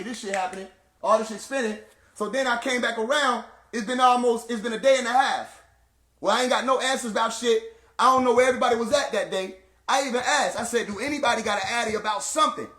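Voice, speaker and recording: Animated high-voiced man venting in echo. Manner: animated, heated and emphatic, with vernacular slang. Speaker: speaker addressing viewers. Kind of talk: casual storytelling rant.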